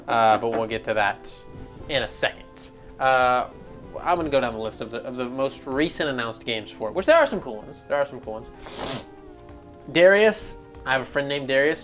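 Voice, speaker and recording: A man's voice: medium pitch, fairly bright tone. A man hosting a gaming news show, giving casual commentary in a profane, exasperated rant.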